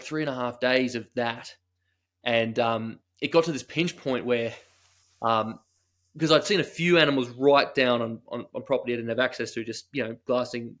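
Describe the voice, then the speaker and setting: A man's voice: mid-range voice, fairly bright tone. An Australian man, a guest on a podcast, telling a long story in a rambling, self-deprecating way. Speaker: guest hunter. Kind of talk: casual storytelling.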